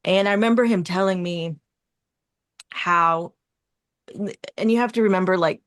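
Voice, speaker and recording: A woman in her forties sharing personal stories in a casual podcast conversation, earnest and rambling, with soft laughs between thoughts. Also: lowish voice, measured pace, no room sound, clean studio sound. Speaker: community guest.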